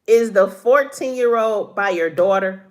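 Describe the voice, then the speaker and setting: A woman's voice: medium pitch, unhurried. A middle-aged woman chatting casually with viewers on a live stream, laughing often, a little congested from allergies.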